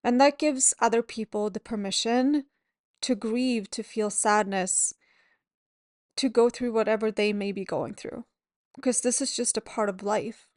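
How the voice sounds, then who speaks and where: Soft-spoken lady yoga teacher on her podcast, candid, close and dry sound. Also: on the high side, a little slow, no room sound. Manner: gentle, candid and reassuring. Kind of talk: reflective solo podcast talk. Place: at home at a table.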